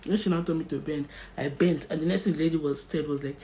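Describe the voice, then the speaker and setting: A young Nigerian woman with a Nigerian accent, telling a personal story in an animated storytime vlog and slipping into Pidgin. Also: low-pitched, fast, hardly any pauses. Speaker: vlogger.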